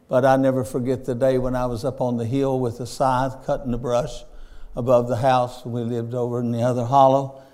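An older man preaching a sermon in a folksy storytelling way, swinging between loud fervor and hushed tenderness. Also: mid-range voice.

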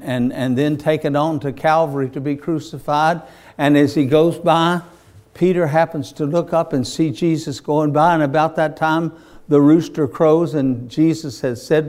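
A man preaching a sermon with fervent, building delivery and loud bursts on quoted lines. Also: a little high. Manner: fervent, rising to shouts on acted quotes.

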